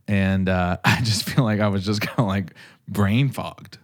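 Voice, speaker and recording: A man's voice: sits low, unhurried. A young man casually chatting as a podcast co-host, rambling with lots of fillers and frequent laughs. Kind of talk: casual chat.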